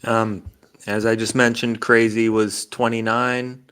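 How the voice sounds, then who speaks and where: A man's voice: mid-range voice, little pitch movement, unhurried, fairly bright tone, clear, resonant tone. A man on a podcast panel in casual chat, matter-of-fact with dry jokes.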